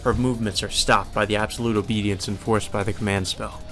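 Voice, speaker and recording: A man's voice: on the low side, fairly even intonation, fast, fairly bright tone, faint music behind. A man hosting a let's play, reading a visual novel's narration aloud and breaking in with casual swearing asides.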